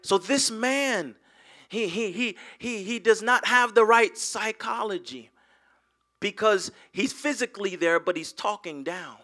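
High, bright-voiced male preacher. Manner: repeats and stutters words, swings from loud to hushed. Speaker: pastor. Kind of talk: sermon.

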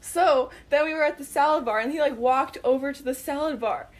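Young woman, slightly high voice, eager and giggly anecdote teller. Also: brisk. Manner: excited, giggly, lots of fillers. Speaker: guest telling a story. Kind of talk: casual storytelling.

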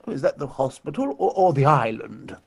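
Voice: medium pitch, very animated, brisk, darkish tone, husky. Someone playing a doddering posh old director. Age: 80s. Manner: doddering, courtly and tactless. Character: frail posh elderly male film director.

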